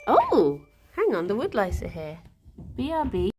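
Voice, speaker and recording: A woman's voice: mid-range voice, huge pitch swings, a little slow, darkish tone, soft background music. A young woman from Hertfordshire with a Hertfordshire English accent, chatting casually on a livestream, rambling with lots of ums and little laughs. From Hertfordshire, England. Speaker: streamer.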